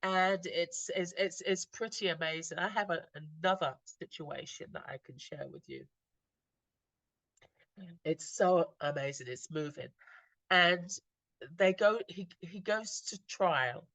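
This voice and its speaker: A woman slowly retelling moving stories in an earnest, reflective talk, often stopping and restarting her sentences. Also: fairly low pitch, fairly bright tone, dry recording. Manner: earnest, slow storytelling with frequent restarts. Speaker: inspirational speaker.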